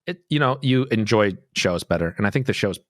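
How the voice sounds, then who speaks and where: American male co-host, low voice, easygoing, dry close sound. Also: expressive, fairly quick, dry recording. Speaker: podcast co-host. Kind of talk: casual chat.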